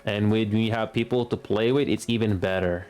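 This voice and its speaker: A man in his late twenties giving casual gameplay commentary as a streamer. He talks in a halting way, stumbling over and restarting words. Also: fairly low pitch, steady tone, darkish tone, slight background noise. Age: late 20s.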